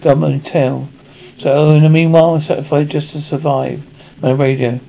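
A man reading a television episode script aloud and voicing every part himself in a flat read-through, on a dull, slightly lo-fi recording with faint hiss. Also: on the high side, normal speed, creaky. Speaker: radio reader.

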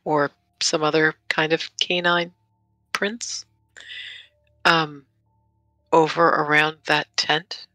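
Female player, low bright voice, slow, dry sound. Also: flat delivery, no room sound, faint music behind. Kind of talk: tabletop game play.

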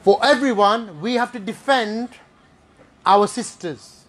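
A man giving an Islamic talk to a live audience, animated and playful, full of rhetorical questions and asides. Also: sits high, takes it slowly. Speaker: preacher.

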